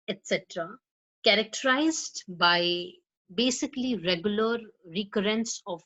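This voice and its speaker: A woman lectures students on pronunciation at a medium pitch, explaining each point and demonstrating example phrases aloud. She keeps checking in with her class as she goes. The recording is somewhat dull and lo-fi. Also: fairly bright tone. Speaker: spoken English teacher.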